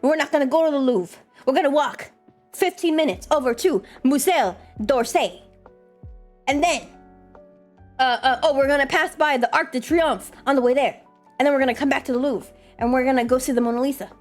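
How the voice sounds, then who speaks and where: A woman streamer chatting casually and fast, swearing a lot and answering her chat. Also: high-pitched, soft background music.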